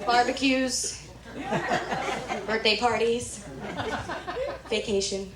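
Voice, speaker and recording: A young woman from Nebraska doing a stand-up routine, telling animated stories and jumping high when she quotes people. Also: extremely slow, a crowd in the background. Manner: animated storytelling, squeals quoted lines high. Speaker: stand-up comedian. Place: comedy club stage. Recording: echoey room, mic from far off.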